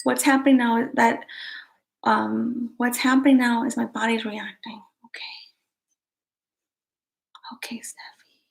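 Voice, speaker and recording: A woman hosting a casual live stream, chatting to viewers and reading their comments, giggling often and drifting into soft asides. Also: a little high, fairly even intonation, a little slow, creaky, pauses often.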